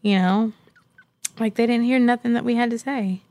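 A woman's voice: fairly high pitch, fairly even intonation, moderate pace, a little mellow. A woman in her thirties, a guest in an interview, talking candidly and reflectively, with faith and conviction.

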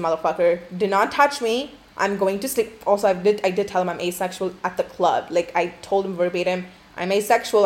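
Young woman host, casual profane storyteller, rambling and candid, filler-heavy delivery. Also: mid-range voice. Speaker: podcast host.

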